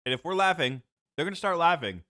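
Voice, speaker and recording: A man co-hosting a casual podcast, relaxed, offering suggestions to friends. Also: fairly high pitch, fast, no room sound. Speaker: podcast co-host. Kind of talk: casual chat.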